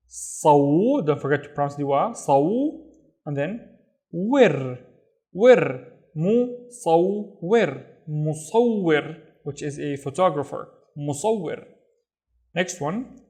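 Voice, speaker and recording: A man with a Saudi accent teaching a reading lesson, sounding out syllables and repeating each word slowly. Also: on the high side, a little mellow. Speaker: Arabic teacher. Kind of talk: slow, careful reading lesson.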